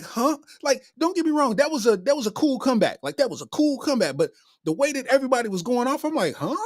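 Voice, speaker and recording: A man's voice: sits high, no room sound. Guy telling a funny story, voice jumping all over, dry close mic. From Kentucky. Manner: animated, acts out his own reactions. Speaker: comedian host. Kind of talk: casual storytelling.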